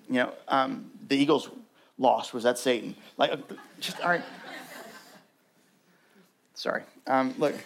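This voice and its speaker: A young adult man preaching as a pastor, talking conversationally with lots of "like" fillers and building to urgent emphasis. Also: fairly high pitch. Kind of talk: sermon.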